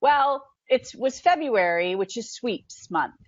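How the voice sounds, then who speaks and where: A woman guest telling an excited story, acting out quotes with big jumps in her voice. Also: fairly high pitch, slow, no echo, dull audio. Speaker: podcast guest. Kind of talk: animated storytelling.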